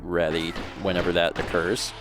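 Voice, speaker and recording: A man's voice: sits low, flat delivery, moderate pace, over music. A young adult man giving casual gameplay commentary as a streamer, chatting to himself while he plays.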